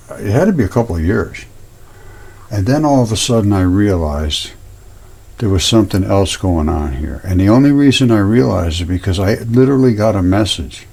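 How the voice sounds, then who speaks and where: Guy with a gravelly husky voice talking casually over pictures, earnest, repeats himself a lot. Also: on the low side, a little mellow. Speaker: host. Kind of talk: casual talk over images.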